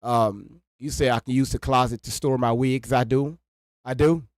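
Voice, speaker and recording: A man's voice: mid-range voice, fairly even intonation, normal speed, no room sound, studio quality. A man, hosting a casual livestream, rambling, swearing freely and breaking into laughter. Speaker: livestream host.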